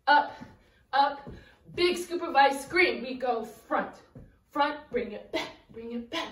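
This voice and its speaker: A woman's voice: high-pitched, slow, recorded from a distance. A young woman teaching a children's dance routine, counting beats and calling out steps while she dances, slightly out of breath. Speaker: dance instructor. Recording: echoey room, voice from afar.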